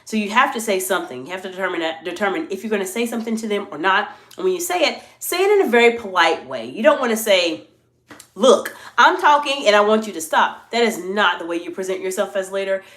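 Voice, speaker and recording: A woman executive communication coach giving a live-streamed talk, answering chat questions in a polite, animated coaching tone. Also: mid-range voice, fast talker. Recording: roomy echo.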